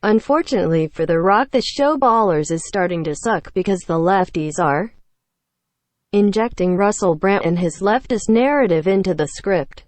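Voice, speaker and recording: A text-to-speech woman's voice reading a viewer's donation message in a flat, synthetic way. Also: medium pitch, normal speed, no echo.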